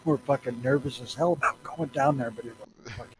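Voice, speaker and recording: A man's voice: medium pitch, a little fast. Middle-aged guy from missouri, southern accent, swears a lot, rambling podcast chat, faint hiss. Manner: crude, profane, rambling storytelling. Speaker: podcast co-host. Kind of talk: casual chat.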